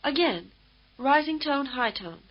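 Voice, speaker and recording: A woman's voice: sits high, expressive, highs cut off. Woman narrating an old language-course tape. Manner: measured, patient, explanatory. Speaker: language instructor. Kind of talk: scripted instructional narration.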